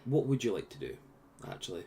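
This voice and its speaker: A man narrating a tabletop game as game master, relaxed and rambling, with many fillers. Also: medium pitch, quick pace, a little hiss or hum.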